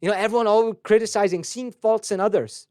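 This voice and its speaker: A man with a fairly high voice gives a devotional talk over a webcast. He tells stories and acts out the voices in them. The sound is dry and close, with no room echo. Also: a little fast, a little mellow, clean tone. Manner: storytelling, acts out quoted voices. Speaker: spiritual teacher. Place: recorded for a webcast.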